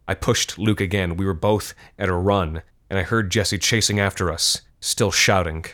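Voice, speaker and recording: A man reading a scripted horror story in a measured, grim manner. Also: deep voice, steady tone, fairly bright tone.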